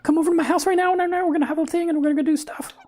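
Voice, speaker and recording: A man's voice: very high-pitched, fairly even intonation, very fast, darkish tone, voice pushed up. A man voicing a bubbly young Valley girl who gushes and fills every phrase with "like" and "totally," done as an improvised bit on a livestream. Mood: gushing. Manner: gushing, peppered with "like" and "totally".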